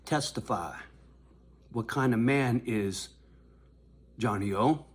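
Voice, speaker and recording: Older guy ranting at his phone, swears a lot, goes quiet and mean then loud, regular pitch voice. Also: slow pace. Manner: confrontational, profane, swings from low muttering to raised shouting. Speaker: vlogger addressing his viewers. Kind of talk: angry direct-to-camera rant.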